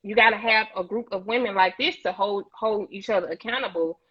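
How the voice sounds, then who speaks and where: A woman's voice: medium pitch, fairly quick, slightly rough, dull audio. A woman on a talk show panel, speaking emphatically and preachily and repeating words as she builds each point. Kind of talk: impassioned discussion.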